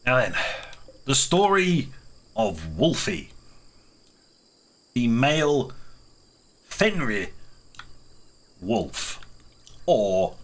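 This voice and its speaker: A man's voice: mid-range voice, a bit bright. A man narrating his strategy game playthrough in character, with rambling, playful storytelling. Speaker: let's play narrator.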